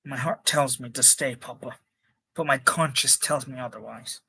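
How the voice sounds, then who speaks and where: A man's voice: mid-range voice, moderate pace, bright, forceful tone, slightly rough, heavily acted. A man reading an earnest young farmhand. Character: earnest young farm man, torn about leaving home.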